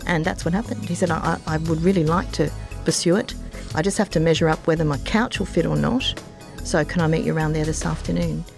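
A woman with an Australian accent, telling personal stories as an interview guest, in a rambling way with many pauses and fillers. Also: sits low, fairly even intonation, vocal fry, faint music behind. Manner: rambling, warm-hearted anecdotes with many ums. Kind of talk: casual interview storytelling.

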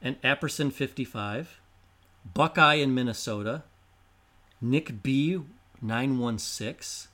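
A man's voice: medium pitch, takes it slowly, pushed and bright. A man co-hosting a history podcast, chatting casually, explaining and reading out listener names. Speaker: podcast co-host.

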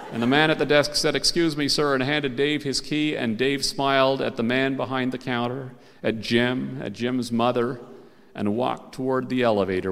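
A man telling a comic story live on a concert stage, animated and playful and acting out the characters. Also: medium pitch. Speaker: storyteller and radio host. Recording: live concert recording with hall reverb.

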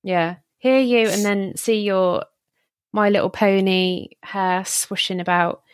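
A woman hosting a podcast, asking relaxed, teasing questions. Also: mid-range voice, takes it slowly, smooth, dry recording, studio quality. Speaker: podcast host. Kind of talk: casual interview.

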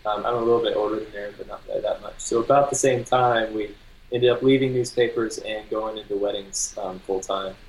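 Flat-toned laid-back male photographer. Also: fairly low pitch, a little fast, a little hiss or hum, poor audio. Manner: laid-back, self-deprecating, laughs easily. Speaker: wedding photographer guest. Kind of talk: casual interview.

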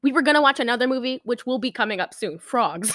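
A woman's voice: on the high side, animated, fast talker, fairly bright tone, dry recording, clean studio sound. A woman hosting a podcast in casual chat, giggling often and rambling with lots of fillers. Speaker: podcast host.

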